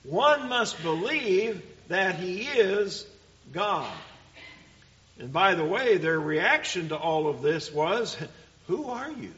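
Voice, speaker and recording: A man preaching a sermon, teaching deliberately and emphatically and asking rhetorical questions. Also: high-pitched, lively intonation, sharp tone. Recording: dull lo-fi recording.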